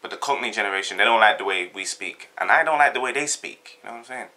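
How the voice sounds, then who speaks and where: A man's voice: fairly low pitch, fast talker, pushed and bright. A young man from South London with a South London accent, chatting casually and jokily with lots of slang. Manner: laid-back, jokey, rambling with slang. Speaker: vlogger. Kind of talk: casual chat, answering a tag.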